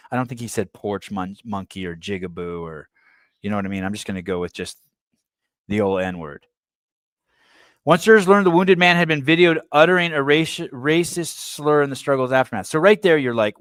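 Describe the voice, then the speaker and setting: A Bay Area podcast host with a lowish, slightly bright, smooth voice reads a news article aloud. He keeps breaking off into blunt, provocative, irreverent asides. There's no room sound.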